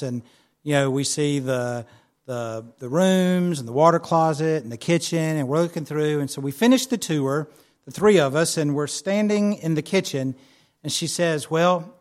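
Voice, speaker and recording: A man preaching a sermon in an earnest, conversational way, his voice sitting slightly high. He tells stories with easy fillers and restarts, and he turns softer and slower when he leads into prayer. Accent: not local to the church's area. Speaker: pastor.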